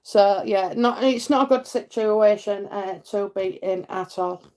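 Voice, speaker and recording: A middle-aged woman with a Yorkshire accent, hosting a live psychic stream and chatting warmly with viewers between comments, full of fillers and endearments. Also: medium pitch, measured pace. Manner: chatty, many fillers, laughs, calls people darling and lovely. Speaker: psychic reading host.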